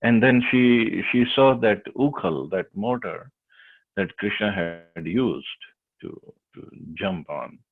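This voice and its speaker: A man teaching a devotional class, retelling a sacred story with hesitant, lively storytelling, over a tinny phone-like line. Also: lowish voice, slow, creaky, breathy edge.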